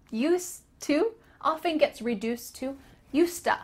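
A young American woman teaching English pronunciation, calmly modeling phrases in slow repeated drills. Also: high-pitched. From North America. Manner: slow drilled repetitions, light laughs. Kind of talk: spoken English lesson.

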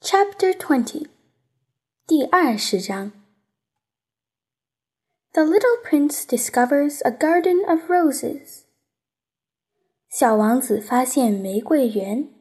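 A woman whose first language is Chinese, reading a bilingual storybook aloud. Her voice is high and lively in its rise and fall. She takes her time over every line. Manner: slow, careful, lilting reading. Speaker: audiobook reader.

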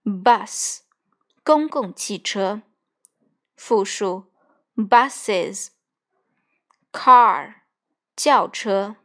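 A woman works through a textbook vocabulary lesson. She reads each word carefully and pauses to give its translation. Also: mid-range voice, a bit bright. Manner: deliberate, word-by-word drilling with translations. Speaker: English teacher. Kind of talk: bilingual textbook vocabulary reading.

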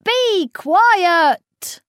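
A woman with a British accent voicing a grumpy old male farmer in a children's storybook reading, cross and begging for quiet. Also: extremely high pitch, animated, extremely slow, dry recording, clean studio sound, full character voice. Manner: cross, pleading for silence.

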